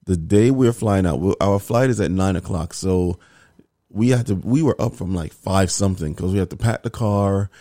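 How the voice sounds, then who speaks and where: A young man and father telling a family story in casual chat, slangy and animated, acting out what people said. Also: sits low, moderate pace, no room sound, clean studio sound. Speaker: co-host, father.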